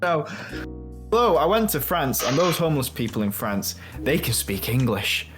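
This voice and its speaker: A Welsh man talking in loose, unscripted podcast banter, his voice sitting at an ordinary middle pitch. He is blunt and likes to provoke, and faint music plays underneath him. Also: sing-song, moderate pace. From Wales. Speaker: podcast co-host. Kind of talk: casual chat.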